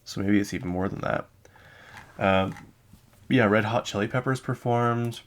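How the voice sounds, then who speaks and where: A man's voice: fairly low pitch, normal speed. A man hosting a podcast, chatting casually and rambling about pop music news with many asides and self-corrections. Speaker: podcast host. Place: lives in Utah.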